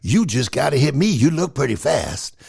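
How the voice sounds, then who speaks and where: A man's voice: medium pitch, big pitch swings, normal speed, vocal fry, a little mellow, slightly rough, heavily acted. A man voicing a playful aging boxing champion who coaxes someone into the ring. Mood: teasing. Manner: teasing, coaxing.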